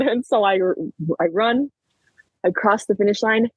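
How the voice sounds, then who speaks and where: A husky-voiced young woman in her late teens, telling a story as a podcast guest, talking quickly and filling every pause with "like". The sound is close and dry, with almost no room around her voice. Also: a little high, dry recording, rough recording. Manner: chatty, peppered with "like", animated retelling. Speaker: podcast guest, track athlete. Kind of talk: casual storytelling interview.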